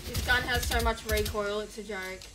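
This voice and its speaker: A woman's voice: mid-range voice, fairly even intonation, normal speed, music in the background. A young woman playing a shooter on stream, reacting bluntly to the game and swearing. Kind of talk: casual chat while gaming.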